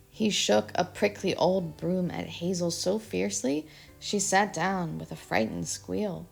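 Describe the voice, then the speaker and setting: A woman reading a children's storybook aloud, narrating in a gentle, expressive way. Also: on the low side, a little slow, vocal fry, soft background music. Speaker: storybook reader.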